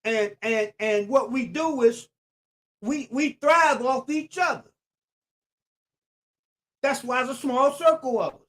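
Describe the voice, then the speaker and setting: On his own live stream, a man with an extremely high, fairly bright voice speaks slowly and pauses often. He repeats phrases again and again with a preacher's emphasis, talking straight to viewers and breaking off now and then to greet them by name.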